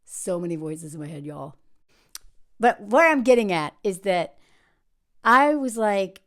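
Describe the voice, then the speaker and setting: A woman's voice: mid-range voice, animated, measured pace. A woman who makes online videos talks in a casual personal vlog. She rambles, interrupts herself, uses many fillers, and is reflective and candid. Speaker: content creator.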